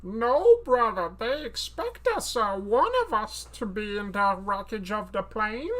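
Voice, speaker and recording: A man's voice: high voice, expressive, fairly bright tone, voice pushed up. A man doing a clumsy alien creature villain. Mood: gruff. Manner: halting, slow, mangled grammar.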